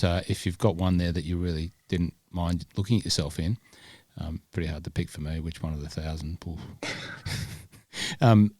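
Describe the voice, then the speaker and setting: A man's voice: deep voice, darkish tone, no room sound, studio quality. A man, born in Scotland, hosting a golf podcast in rambling casual chat full of fillers and restarts. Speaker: podcast host.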